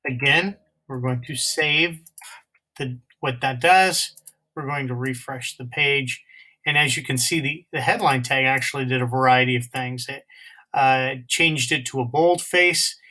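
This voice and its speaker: Bright-voiced man teaching a coding lesson. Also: medium pitch, poor audio. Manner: halting, many uh fillers, step by step. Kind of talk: screen-recorded coding lesson.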